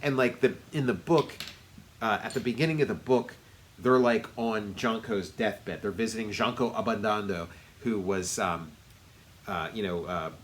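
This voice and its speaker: A man's voice: on the low side, normal speed, slight background noise. A man co-hosting a casual movie review podcast, rambling and circling back with many fillers. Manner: rambling, lots of fillers and restarts. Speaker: podcast co-host.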